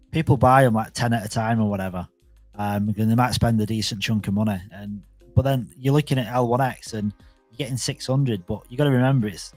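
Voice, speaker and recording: A man's voice: medium pitch, darkish tone, no echo. A man hosting a casual live audio chat, talking loosely with lots of restarts and fillers. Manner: rambling, many restarts. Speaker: space host. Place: home, at night.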